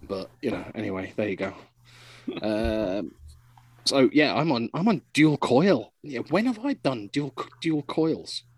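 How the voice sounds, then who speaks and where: A man's voice: a little slow, husky, no echo, rough recording. A man co-hosting a casual podcast, talking in a rambling, chatty way with frequent restarts. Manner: rambling, chatty, lively pitch, laughs often. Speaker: podcast host. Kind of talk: casual chat.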